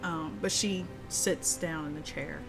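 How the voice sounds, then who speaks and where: A woman's voice: low voice, steady tone, unhurried, gravelly. A woman narrating as game master of a tabletop game, casual and hesitant, with many fillers. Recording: music playing behind.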